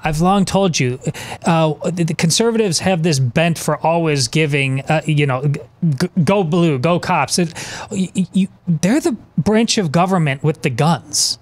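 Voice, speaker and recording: Talk radio co-host, mid-pitched, earnest, trips over words and restarts. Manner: halting, many restarts, earnest.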